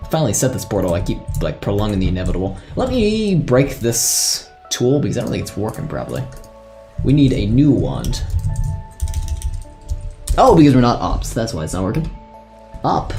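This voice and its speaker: A man's voice: mid-range voice, darkish tone. A man chatting casually on a live stream as a server admin, thinking aloud and laughing often.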